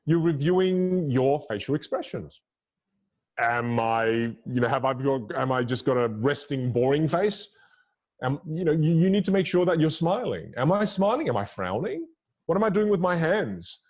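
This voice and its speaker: A man's voice: mid-range voice, darkish tone. A man as a podcast guest explaining communication techniques in an emphatic, instructive way. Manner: emphatic, instructive, varies melody and pauses. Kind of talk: podcast interview.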